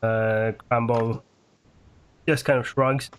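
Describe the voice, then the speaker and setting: A man's voice: medium pitch, steady tone, takes it slowly, noisy background. A man narrating as game master, hesitant and full of fillers.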